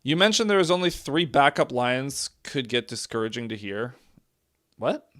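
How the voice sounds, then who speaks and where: A man reacts live to a football match, calling the plays with a mid-range voice at normal speed. He's exasperated, often shouting and laughing in disbelief.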